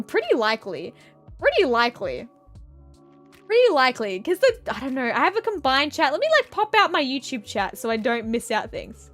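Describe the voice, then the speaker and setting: A woman's voice: high-pitched, a bit bright. A woman streamer chatting casually on a live stream, rambling through playful tangents with frequent giggles. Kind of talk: casual live-stream chat while drawing.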